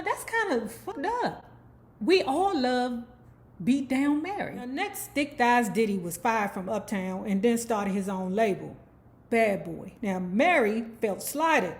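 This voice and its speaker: A woman hosting her own channel, telling a celebrity life story in casual, gossipy commentary, swearing freely and now and then breaking into song. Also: fairly high pitch. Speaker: YouTube host.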